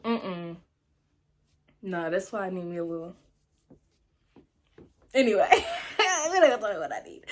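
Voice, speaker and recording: Young woman doing a storytime vlog, super chatty and slangy, voice jumps way up for the dramatic bits. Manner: animated, chatty, dramatic pitch jumps when telling the story; slangy casual speech. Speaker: vlogger.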